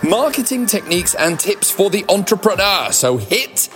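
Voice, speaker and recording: A middle-aged British man speaks in a high, bright, ringing voice. He hosts a podcast and talks with energy and strong emphasis. His tone stays upbeat. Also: very animated, normal speed, faint music behind. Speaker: podcast host. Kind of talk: motivational podcast monologue.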